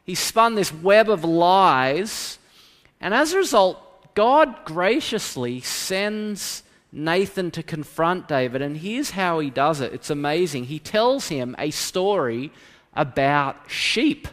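A pastor preaching a sermon in a church, swinging between loud emphasis and hushed quiet. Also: male voice, fairly high pitch, animated, slow. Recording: long reverb of a church hall.

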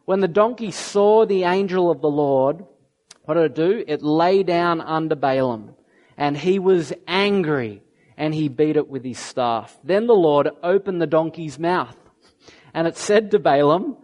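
A male preacher retelling and reading a scripture story in a sermon, animated and acting out the quoted voices. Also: a little high, measured pace.

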